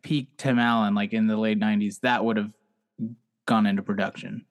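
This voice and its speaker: A man joking along on an improv comedy podcast, animated and enthusiastic. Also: on the low side, fairly quick. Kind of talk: improv scene and banter.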